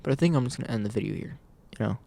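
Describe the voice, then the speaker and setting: A man's voice: medium pitch, animated, rapid-fire, vocal fry, dark tone. A man talking casually and earnestly straight into a camera for a vlog, rambling and repeating his points. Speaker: vlogger. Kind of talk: casual motivational vlog talk. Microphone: camera mic.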